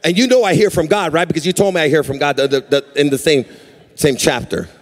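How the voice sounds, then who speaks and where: A male pastor preaching a sermon in a sing-song cadence that swells into shouts, acting out quotes as he goes. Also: a little high, fast. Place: church sanctuary. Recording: reverberant church hall.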